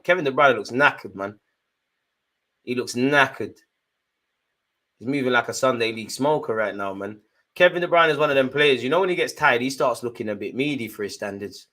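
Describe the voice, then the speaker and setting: Jokey man doing live match banter. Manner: chatty, jokey running banter with slang; swings between excited outbursts and low muttered asides. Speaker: fan watchalong host. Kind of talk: live football watchalong commentary.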